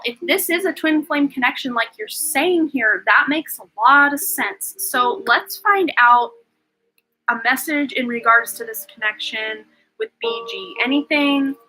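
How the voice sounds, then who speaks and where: A woman's voice: high voice, bright, forceful tone, rough recording. A woman hosting a live-streamed tarot reading, talking in an effusive, chatty way with lots of "like" and "um" fillers. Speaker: tarot reader and livestream host.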